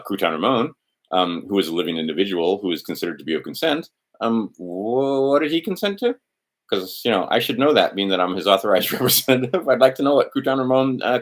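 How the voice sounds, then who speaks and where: A man's voice: on the low side, a bit bright. A man hosting an informal instructional talk, thinking aloud, trailing off and restarting, and acting out quoted exchanges. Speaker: host of an instructional video.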